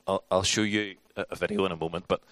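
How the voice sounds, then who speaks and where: A man's voice: low voice, fairly even intonation, fast talker, a bit bright, dry recording. A man teaching a church class in a conversational, informal sermon style, with frequent restarts and acted-out quotes.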